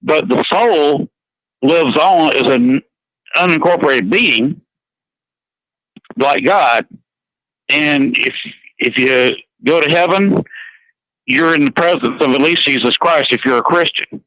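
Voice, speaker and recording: Pria beraksen Georgia, suara terang dan tinggi. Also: male voice, a little high, takes it slowly, long pauses, a bit bright, dry recording. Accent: Georgia, US South. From Georgia, USA. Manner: rambling, earnest, repeats words. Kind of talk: casual chat on a radio show. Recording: dull, dry radio sound.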